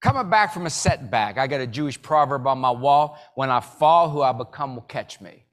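A man giving a live motivational keynote, telling jokey stories and leading the audience in call-and-response with sudden loud bursts. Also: medium pitch, lively intonation, moderate pace. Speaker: motivational speaker.

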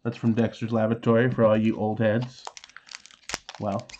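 A man's voice: on the low side, flat delivery, normal speed, muffled recording, noisy background. A man in his thirties casually chatting while opening trading card packs, reading card names aloud and making sound effects. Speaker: card unboxing host.

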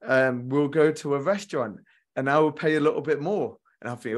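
A man's voice: on the high side, fairly quick. A man giving a motivational relationship coaching talk straight to viewers, earnest and repeating key lines for emphasis.

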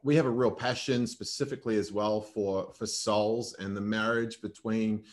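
A man's voice: fairly low pitch, steady tone, moderate pace. A man from Australia with an Australian accent, a guest preacher chatting in a podcast interview in a friendly way, with many fillers. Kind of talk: casual interview chat.

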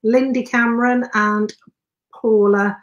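A woman's voice: fairly high pitch, steady tone, takes it slowly, highs cut off. Woman host of a live chat on a video call, reads out viewer names and questions.

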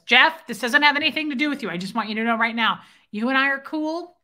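Woman chatting on her livestream at home, bright kinda sharp voice, a bit high, telling a story and shouting out viewers. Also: quick pace. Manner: chatty, animated retelling, thanks viewers by name. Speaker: livestream host. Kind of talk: casual live-chat storytelling.

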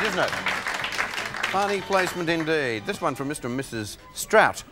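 A man hosts a live TV variety show, breezily reading out viewer letters. His slightly high voice bounces up and down as he chuckles and makes playful asides. Music plays clearly in the background. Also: huge pitch swings, measured pace, pauses often, a loud crowd. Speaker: host. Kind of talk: casual studio banter, reading viewer letters.

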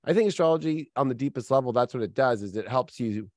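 A man's voice: medium pitch, lively intonation, fast, a little mellow, no echo, studio quality. A man who works as an astrologer, telling stories in a casual podcast chat, rambling with lots of fillers. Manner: rambling, filler-heavy storytelling. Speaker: astrologer guest.

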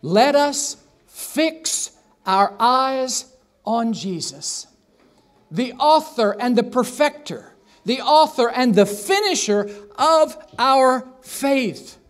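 A man's voice: very high voice, animated, slow. A man preaching a sermon in a church, telling a story with acted-out voices and asking the congregation questions. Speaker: pastor. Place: church sanctuary.

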